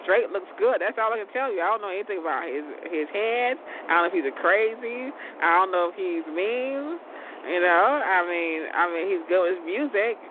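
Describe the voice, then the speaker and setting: A woman's voice: medium pitch, expressive, normal speed. A woman in her forties chatting casually in a rambling, repetitive way, laughing often. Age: 40s. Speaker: vlogger. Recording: tinny phone-like sound, faint noise.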